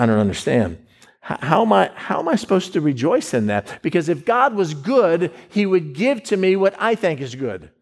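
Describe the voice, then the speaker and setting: A middle-aged man preaching a sermon, emphatic, often stumbling over repeated words as he builds his point. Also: high voice.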